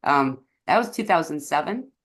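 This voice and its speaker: A woman's voice: sits low, expressive, moderate pace, husky. A woman hosting a spiritual interview, encouraging and affirming. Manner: encouraging, soft back-channel replies. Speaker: interview host. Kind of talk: casual spiritual chat.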